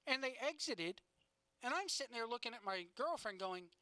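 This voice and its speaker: A woman's voice: on the high side, lively intonation, normal speed, sharp tone, no echo. A woman co-hosting a casual chat show, telling stories animatedly and swearing freely. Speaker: podcast co-host.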